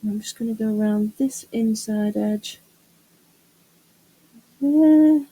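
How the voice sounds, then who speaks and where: A woman's voice: medium pitch, completely flat delivery, normal speed, mellow, slightly rough, low-quality recording. A middle-aged woman chatting casually to camera while doing a resin craft, muttering to herself and teasing herself about her mess. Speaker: craft vlogger.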